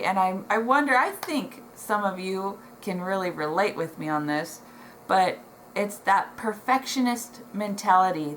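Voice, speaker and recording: A woman's voice: mid-range voice, a bit bright, a little hiss or hum, poor audio. A middle-aged woman vlogging from home, talking to the camera in a heartfelt, emotional way, with many ums and restarts. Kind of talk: casual chat to camera. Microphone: camera in front, reading notes below it.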